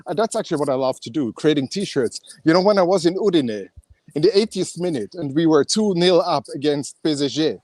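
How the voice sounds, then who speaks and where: A man's voice: on the high side, lively intonation, fairly quick, darkish tone, no room sound. A man with an Austrian accent chatting casually on a fan phone-in show, talking with many fillers and restarts. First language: German.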